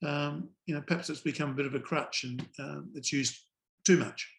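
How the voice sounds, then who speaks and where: A man's voice: a little high, fairly even intonation, normal speed, gravelly, a bit bright. An older man, a former umpire telling wry anecdotes as a guest in a casual interview.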